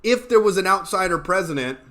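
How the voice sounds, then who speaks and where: Young male comic host, higher-pitched and sharp, swears freely, mocking rant delivery. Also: animated, a little fast. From Oklahoma, USA. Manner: profane, sarcastic ranting, reads chat aloud. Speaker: comedian host. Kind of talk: political rant livestream.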